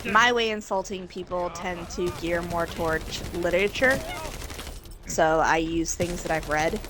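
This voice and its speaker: A woman's voice: lowish voice, a little slow, background noise. A woman chatting casually while playing a game, with laid-back, dry replies. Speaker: co-player. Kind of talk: casual chat while gaming.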